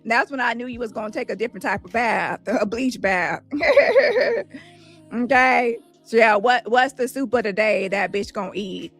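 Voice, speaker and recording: A woman with a fairly high voice rants into her phone on a livestream, taunting and cursing at her target. Her delivery is loud and mocking. Faint music plays underneath. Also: expressive, moderate pace. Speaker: livestream host. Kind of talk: combative livestream rant.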